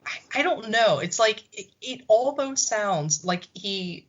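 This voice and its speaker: A woman's voice: mid-range voice, animated, slow pace. A woman co-hosting a podcast, chatting casually and thoughtfully about a TV episode, with some casual swearing. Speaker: podcast co-host. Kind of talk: casual chat reviewing a TV episode. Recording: dull lo-fi recording.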